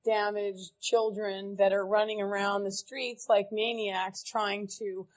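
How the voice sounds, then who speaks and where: A woman's voice: medium pitch, flat delivery, slow pace, low-quality recording. A woman giving a candid, earnest recovery talk to a large meeting audience. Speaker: AA speaker. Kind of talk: recovery speech to a live audience.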